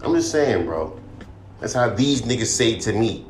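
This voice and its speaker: A man's voice: animated, normal speed. Blunt, cursing young man in an echoey room. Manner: blunt, swears constantly, mocks critics in higher voice. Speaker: podcast host and rapper. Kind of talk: profane casual rant. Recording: echoey room with faint music.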